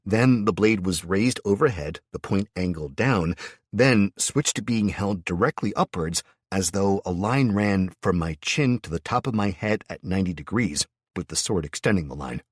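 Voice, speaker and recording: A man narrating a fantasy audiobook in the first person, in a steady storytelling manner. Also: low voice, moderate pace, slightly rough, no room sound, clean studio sound.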